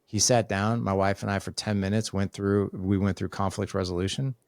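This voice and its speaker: A middle-aged man with a very deep voice, speaking as a podcast guest. He tells family stories and slips into the voices of the people in them. The recording is dry and close. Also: fairly even intonation, a little fast, a little mellow, no echo. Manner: storytelling, acts out family dialogue. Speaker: guest, author and father. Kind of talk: conversational podcast interview.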